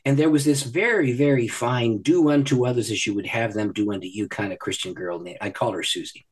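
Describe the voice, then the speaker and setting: A man who is a guest on a podcast, telling a personal story in an animated way and laughing often. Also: medium pitch, brisk, husky. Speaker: podcast guest, ministry leader. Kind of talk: storytelling in a conversation. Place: podcast recording.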